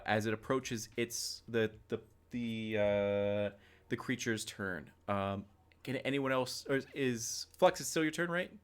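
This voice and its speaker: A man running a tabletop game on a livestream, chatty and quick to laugh. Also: mid-range voice, smooth. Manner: laughing often, loose and chatty. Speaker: game master.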